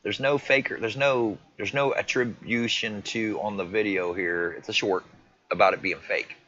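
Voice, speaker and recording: A man's voice: on the low side, fairly even intonation, moderate pace, pushed and bright. A man livestreaming, animatedly reacting to and retelling video clips, swearing casually. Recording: dull lo-fi stream audio with faint noise.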